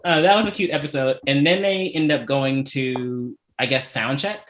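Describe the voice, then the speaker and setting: A man co-hosting a casual reaction podcast, chatty and quick to laugh, acting out what people said. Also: medium pitch, a bit bright, roomy sound, a little hiss or hum. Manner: chatty, laughs often, acts out quotes. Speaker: podcast co-host.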